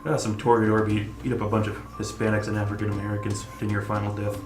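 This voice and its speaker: A man's voice: on the low side, monotone, fast, roomy sound, over music. A man playing in a tabletop game, speaking dry and understated. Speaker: player. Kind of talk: in-character tabletop play.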